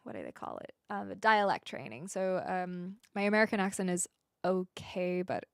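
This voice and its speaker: A woman's voice: on the low side, animated, normal speed, clear, resonant tone, no room sound, studio quality. A woman from New Zealand chatting casually with viewers as a streamer, restarting her words often as she talks. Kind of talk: casual chat answering viewers.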